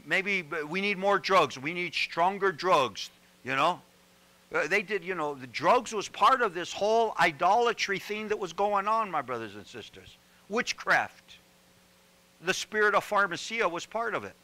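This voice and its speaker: A man preaching a sermon as a pastor, animated and joking, often repeating words as he builds up. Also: high-pitched, unhurried, poor audio.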